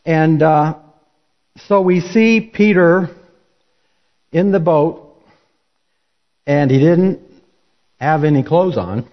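A man's voice: fairly high pitch, slow pace, pauses often. A man preaching a sermon, telling the story in a folksy, conversational way. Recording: dull lo-fi recording.

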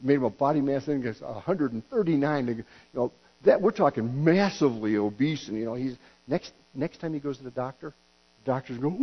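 A man's voice: medium pitch, brisk. Folksy joking pastor, a man on lo-fi audio. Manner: folksy and joking, stumbling restarts, acts out quotes. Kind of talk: sermon. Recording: dull lo-fi recording with hum.

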